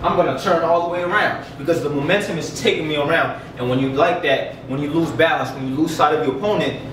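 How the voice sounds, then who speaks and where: This is a relaxed martial arts lesson where a karate instructor shows basic kicks, chatting and breathing hard as he goes. His fairly high voice moves at a quick pace, and the faraway mic in an echoey room catches background noise.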